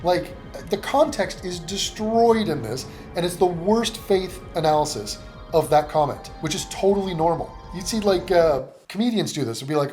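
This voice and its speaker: A man's voice: high voice, expressive, moderate pace, darkish tone, soft background music. Sarcastic, profane man ranting. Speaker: commentary YouTuber. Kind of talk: ranting reaction commentary.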